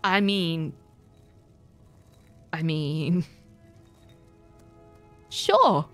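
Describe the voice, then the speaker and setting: A woman's voice: low voice, big pitch swings, drawn-out words, a bit bright, faint music behind. Playful woman streamer chatting while gaming. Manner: playful, self-mocking, rambling. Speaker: livestreaming gamer. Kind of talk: casual gaming commentary.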